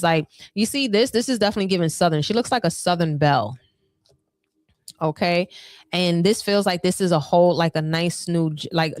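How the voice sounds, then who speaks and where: A woman doing a casual tarot reading for her viewers, chatty and full of fillers, with sudden bursts of excitement. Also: fairly low pitch, dry recording. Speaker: tarot reader.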